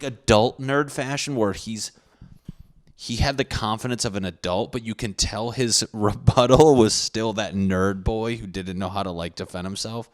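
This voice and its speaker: Young male podcast host, low voice, casual profane storyteller who mocks himself. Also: gravelly. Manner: profane, rambling, self-mocking.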